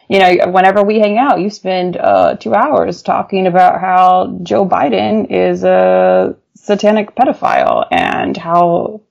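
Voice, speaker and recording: A woman journalist telling stories casually in an interview, animated, with frequent laughs and fillers. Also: mid-range voice, a little slow, gravelly, hardly any pauses, lo-fi sound. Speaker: journalist guest.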